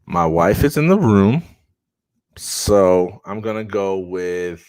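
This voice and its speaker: A man's voice: sits low, expressive, takes it slowly, a little mellow. A man who is a podcast guest, chatting casually in a playful, joking way, using slang. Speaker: guest, former athlete. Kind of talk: casual interview chat. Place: home.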